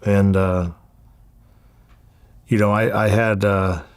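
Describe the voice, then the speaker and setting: A man's voice: fairly low pitch, level tone, slow, smooth, dry recording. A man in his forties from Southern California, a guest telling his life story in an interview, with a candid, profane, repetitive way of talking. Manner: candid, profane, repeats words as he goes.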